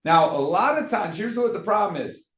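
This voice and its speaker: Energetic sales coach man, echoey room. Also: high voice, moderate pace. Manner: energetic, acts out call scripts in lively voices. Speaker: real estate sales coach. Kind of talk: coaching talk to agents. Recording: echoey, dull-sounding room recording.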